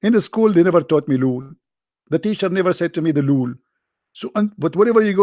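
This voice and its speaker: A man's voice: a little high, very animated, fast, mellow, no echo, clean studio sound. A man with joking and rambling in a teasing voice chat. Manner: teasing, rambling, non-native phrasing. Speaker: chat room speaker.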